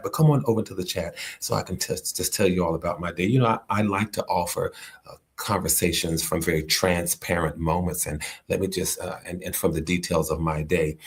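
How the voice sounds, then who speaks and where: A middle-aged man with a low, creaky, slightly rough voice hosts a casual livestream from indoors at a friend's home while traveling. He greets viewers and delivers an inspirational lesson, restarting often and repeating phrases.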